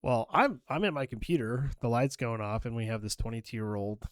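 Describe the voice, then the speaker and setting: A middle-aged man who works as a nurse, co-hosting a podcast and telling work stories in a casual, animated way, swearing freely and acting out what people said. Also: mid-range voice, fairly quick, no echo, clean studio sound. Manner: animated storyteller, swears freely, acts out quoted dialogue.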